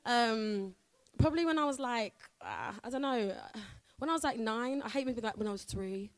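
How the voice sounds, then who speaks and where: A woman's voice: a little high, big pitch swings, moderate pace, dry recording. A woman, chatting in a bubbly, casual way as a singer answering questions from a live audience. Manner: bubbly, chatty, laughs often.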